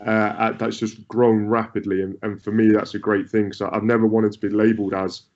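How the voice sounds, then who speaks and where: This man's lowish, darkish voice barely shifts in pitch and runs a little fast. Answering interview questions as a goalkeeping coach, he talks through his ideas conversationally with frequent repeats and restarts, captured in muffled lo-fi sound.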